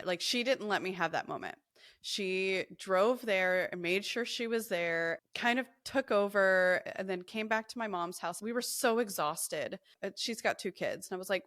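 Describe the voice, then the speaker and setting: Blunt, animated young woman telling a story. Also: medium pitch, no echo, clean studio sound. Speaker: podcast co-host. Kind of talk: casual storytelling chat.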